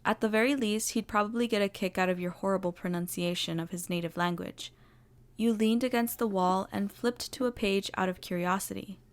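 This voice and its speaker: Woman, story narrator, mid pitch, expressive, animated reading. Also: a little fast. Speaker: story reader. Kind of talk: fan fiction audio narration.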